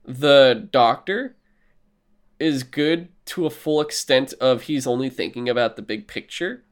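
A man in casual podcast chat, retelling movie plots with animated, profane storytelling and acted-out lines. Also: mid-range voice, a little slow, clean tone.

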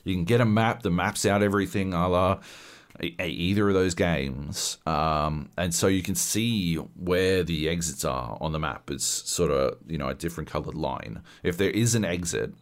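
A man's voice: sits low, normal speed. A man co-hosting a podcast in casual chat, rambling and swearing, full of fillers and restarts. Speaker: podcast co-host. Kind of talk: casual chat about games.

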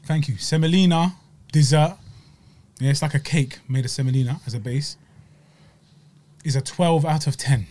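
Lively man reviewing desserts. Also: a little high, normal speed, pauses often. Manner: animated, emphatic, slangy, repeats himself. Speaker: podcast host. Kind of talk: casual food review chat. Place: studio.

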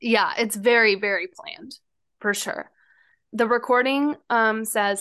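A woman's voice: on the high side, takes it slowly, pushed and bright. A woman podcast co-host casually retelling a true-crime story with lots of fillers. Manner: retelling events with frequent fillers.

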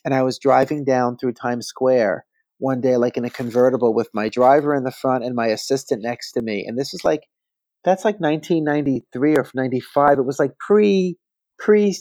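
An animated man in his fifties from New Jersey tells gossipy stories as a podcast guest. His voice sits at a middling pitch and comes across dry and close to the mic. He keeps adding playful asides as he goes. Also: moderate pace, no room sound. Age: 50s. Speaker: celebrity stylist, podcast guest. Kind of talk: casual interview storytelling.

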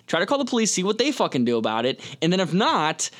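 A man's voice: high voice, huge pitch swings, fast talker, fairly bright tone. A man co-hosting a casual movie review podcast, swearing freely and talking over the others. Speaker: podcast co-host.

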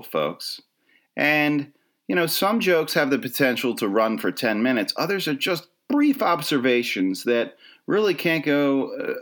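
A man's voice: medium pitch, fairly bright tone. A middle-aged man hosting his own podcast, delivering a rambling comedic monologue full of self-deprecating, wry asides. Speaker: podcast host.

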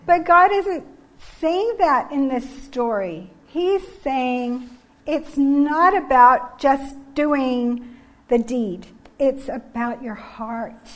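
A woman giving a sermon on generosity, earnest and emphatic, reading scripture passages from slides. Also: high voice. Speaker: preacher.

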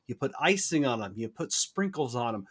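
Animated man in casual chat. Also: mid-range voice, brisk, slightly rough. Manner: animated, playful, mock-outraged. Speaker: podcast co-host.

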